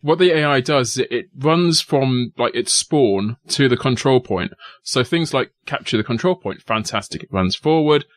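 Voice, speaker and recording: A man hosting a gaming podcast in casual chat, explaining things in a relaxed, chatty way. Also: mid-range voice, moderate pace, hardly any pauses. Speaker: podcast host.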